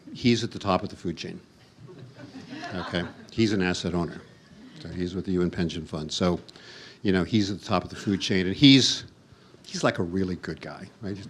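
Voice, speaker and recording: A man's voice: low-pitched, slight background noise. A man moderating a panel at a university forum in front of an audience, introducing speakers in a loose, teasing, chatty way. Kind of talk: joking conversational panel introduction. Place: university event room with audience.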